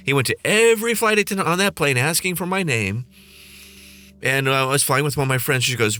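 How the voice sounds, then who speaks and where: A man's voice: mid-range voice, pushed and bright. A man hosting a podcast, ranting in a snarky, profane, sarcastic way. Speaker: podcast host and flight attendant. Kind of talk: comedic rant.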